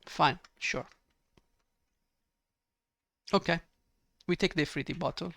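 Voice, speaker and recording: A man's voice: on the high side, slow pace, vocal fry, sharp tone, no echo. A man giving ranting gameplay commentary, exasperated and sarcastic, swearing often. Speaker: let's play gamer.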